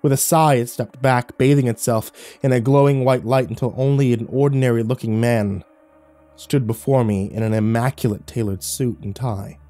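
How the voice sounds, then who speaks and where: A man reading a horror story aloud in a dramatic, slow, drawn-out narration. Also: mid-range voice, steady tone, dark tone, faint music behind.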